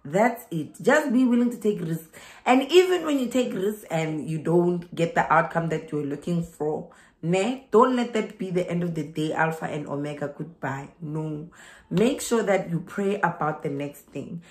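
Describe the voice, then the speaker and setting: A woman's voice: lowish voice, lively intonation, normal speed, a little mellow, reverberant. A young South African woman with a South African accent giving migration advice in a chatty vlog, laughing and repeating herself for emphasis.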